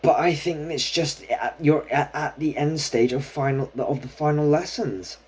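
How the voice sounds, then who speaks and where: Brief: tarot reader, mid-pitched, casual and chatty, muses aloud over each card. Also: moderate pace, breathy edge. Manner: chatty, thinking aloud while drawing cards. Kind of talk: casual solo tarot reading.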